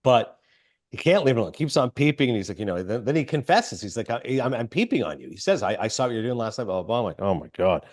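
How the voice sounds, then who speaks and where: Male podcast host, brisk, chatty film recapper, filler-heavy. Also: mid-range voice, big pitch swings. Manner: rambling, filler-heavy retelling with quick quoted asides.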